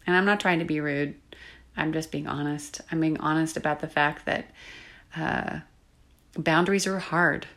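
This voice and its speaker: A woman's voice: low-pitched, steady tone, normal speed. A woman coach talking alone in a reflective, confiding way, sometimes dropping to a whisper. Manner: soft-spoken, confiding, drifts into whispers. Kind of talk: reflective solo podcast monologue.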